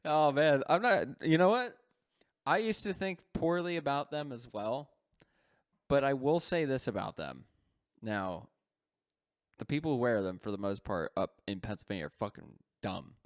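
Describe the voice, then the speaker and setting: A man's voice: mid-range voice, expressive, normal speed. A young man co-hosting a podcast, chatting casually, laughing often and swearing freely. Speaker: podcast co-host. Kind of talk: casual chat.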